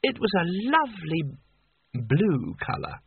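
A man's voice: wildly swooping pitch, creaky, breathy edge, dry recording, full character voice. Man doing a tipsy, dreamy rich ruler. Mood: drowsy vague. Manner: slow, drawling, higher pitched. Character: tipsy, dim, wealthy male ruler, dreamy and vague. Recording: tinny narrow-band, dry.

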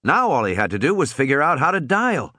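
A man narrating an audiobook in a dramatic, animated reading. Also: fairly high pitch, brisk, no room sound, clean studio sound.

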